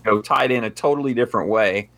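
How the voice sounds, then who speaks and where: Husky, gravelly man with lively speech. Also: mid-range voice, fast talker. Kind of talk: casual movie discussion.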